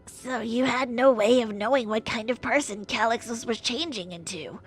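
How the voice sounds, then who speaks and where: A woman's voice: fairly high pitch, moderate pace, soft background music, lightly acted. Woman voicing a curious young companion. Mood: questioning.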